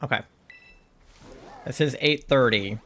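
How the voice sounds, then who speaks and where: A man's voice: mid-range voice, slow pace, pushed and bright, slight background noise. A man streaming a game, chatting casually and rambling, with frequent swearing and lots of "like" and "um". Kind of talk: casual chat while gaming.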